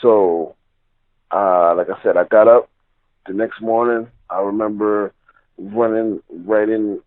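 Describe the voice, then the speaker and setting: A man's voice: fairly low pitch, steady tone, takes it slowly. A man telling a personal story in a rambling, casual way, full of "you know" and "like". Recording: tinny phone line.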